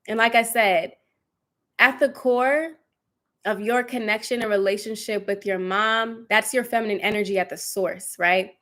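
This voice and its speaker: A woman's voice: mid-range voice, fairly bright tone. A young woman, a spiritual coach, leading a guided meditation and then talking to her livestream viewers in a soothing, affirming way, often repeating phrases. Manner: reads out viewer comments.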